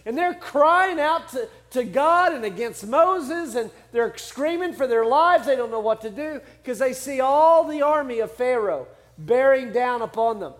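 A man's voice: very high voice, animated, moderate pace. A man preaching a sermon in a conversational, humorous way, acting out quotes from the scripture as he goes. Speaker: pastor.

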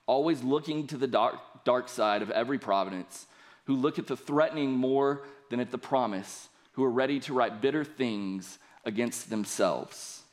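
A young man delivering a Sunday sermon in an earnest, steady voice. He reads scripture aloud and then presses his points with rising emphasis. His pitch sits at an ordinary middle for a man. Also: normal speed. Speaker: pastor.

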